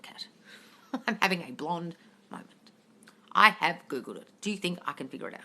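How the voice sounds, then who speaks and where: A woman hosts a casual live-stream Q&A, reading viewers' questions and answering them bluntly. Her voice is bright and forward, and she swears without hesitation while calling her listeners darling. She sounds like she is talking into a phone at home. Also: medium pitch, lively intonation, a little fast, long pauses.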